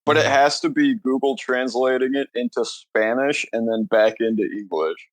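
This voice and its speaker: Young male co-host, mid-pitched, dry close-mic sound, rambling banter. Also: steady tone, moderate pace, no echo. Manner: rambling storyteller, laughs at his own jokes. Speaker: podcast co-host. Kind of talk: casual podcast banter.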